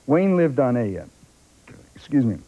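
Older man telling a story, dark voice. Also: medium pitch, normal speed. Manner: animated storyteller who acts out other people's voices. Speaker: interview guest, actor. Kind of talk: anecdotal talk show storytelling. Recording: dull lo-fi broadcast tape.

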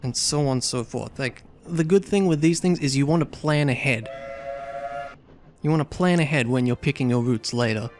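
A man's voice: medium pitch, moderate pace. A man hosting a let's play, chatting casually and hesitantly while he plays a story game.

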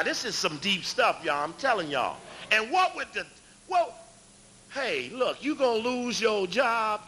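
Fiery high-pitched man lecturing a crowd. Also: slight background noise. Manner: preacherly, call-and-response, raises voice to shout.

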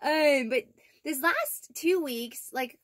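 A young woman with a high, light voice chats through a casual vlog update, rambling with plenty of fillers and little laughs. The sound is close and dry, with no room echo. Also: animated, slow. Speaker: vlogger. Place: inside her camper van.

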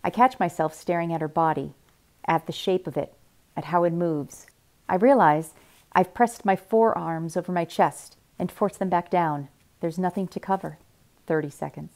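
A woman reading a young adult novel aloud in a quiet, measured first-person narration. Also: fairly low pitch. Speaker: reader.

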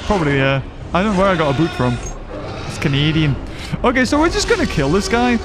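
A young man giving playful, excitable commentary on his own gameplay, joking and reacting as he goes. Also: a little high, fast. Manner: playful, jokey, bursts of excitement. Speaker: gaming video host. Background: game music.

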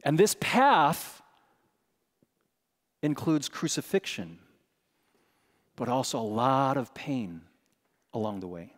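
A middle-aged man preaching a sermon in a chapel and telling a personal story with animated delivery, acting out the voices in his quotes. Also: mid-range voice, slow pace, pauses often, in a large hall. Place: large chapel.

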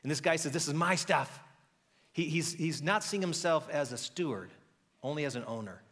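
A man preaching a sermon as pastor, telling a story in a lively conversational way and acting out the characters' voices. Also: fairly high pitch, fairly quick, long reverb tail. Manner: conversational with frequent restarts.

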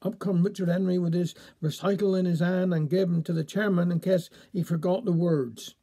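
A Cornish man reads an old village tale in broad dialect, slipping into the voices of the chapel folk. His voice sits high but sounds mellow and soft-edged. He tells it in a folksy, good-humoured way. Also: fairly even intonation, fairly quick. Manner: folksy, playful voicing of village characters. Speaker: storyteller. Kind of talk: dialect story reading.

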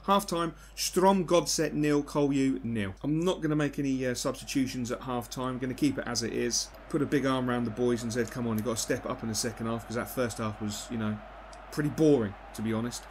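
A man giving live commentary on his own football video game, excitable and quick to swear at the play. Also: medium pitch, slight background noise. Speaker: gaming YouTuber.

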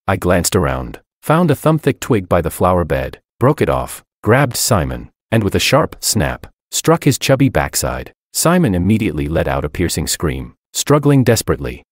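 Deep-voiced man narrating a story. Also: very animated, moderate pace, hardly any pauses, no room sound, clean studio sound. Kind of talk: first-person audiobook narration.

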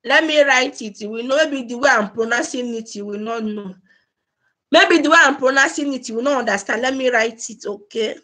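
A woman's voice: a little high, a little fast, sharp tone. A woman hosting a casual live stream, chatty and laughing often as she greets viewers by name. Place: home in Germany.

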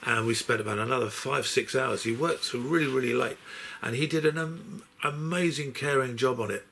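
This older man, who is not well, talks through a box set with long, meandering stories full of restarts and self-corrections. He speaks fairly quickly at a medium pitch, with vocal fry and a slightly bright sound, over slight background noise.

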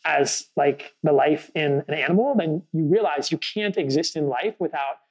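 A man's voice: a little high, moderate pace, husky, rough recording. A man hosting a casual podcast conversation, talking earnestly and thoughtfully, telling a story with frequent fillers. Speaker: podcast host.

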